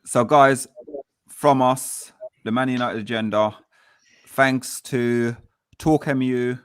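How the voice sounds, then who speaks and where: A man's voice: mid-range voice, steady tone, slow, clean tone, dry recording, clean studio sound. A man hosting a casual football fan show, upbeat and repeating himself. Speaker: host.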